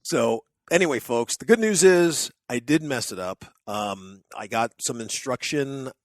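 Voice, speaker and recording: Man, casual podcast co-host, lively storyteller, dry close sound. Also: medium pitch, unhurried, dry recording. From United States. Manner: animated storyteller acting out others' shouts. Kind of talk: casual chat.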